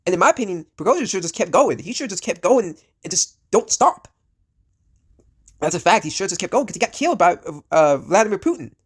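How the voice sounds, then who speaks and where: A man's voice: high voice, very animated, fast talker, husky. A man who is sick and coughing, ranting in casual commentary. He rambles bluntly, with lots of fillers and swearing. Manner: rambling, full of fillers and restarts, blunt and profane. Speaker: vlogger.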